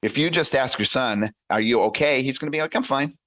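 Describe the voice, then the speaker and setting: A man speaking as a coach in a casual podcast interview, animated and acting out little dialogues, with many restarts and repeated words. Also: mid-range voice, brisk, dry recording. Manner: animated, acts out little dialogues in shifting voices. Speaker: career and life coach guest.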